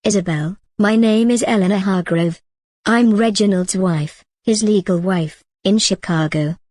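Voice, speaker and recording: Woman reading a steady, wronged middle-aged wife. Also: mid-range voice, unhurried, no echo, close to an everyday voice. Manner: steady and soft.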